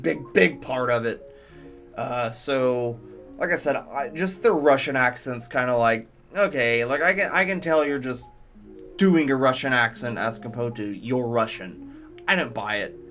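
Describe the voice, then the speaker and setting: A man's voice: medium pitch, a bit bright. A man reviewing movies in casual commentary, enthusiastic, profane and rambling.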